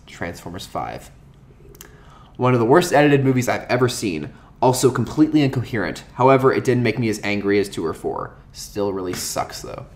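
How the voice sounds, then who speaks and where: A man's voice: on the low side, moderate pace. A man in a casual movie review chat, blunt and sarcastic about the films. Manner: blunt, sarcastic, lively delivery.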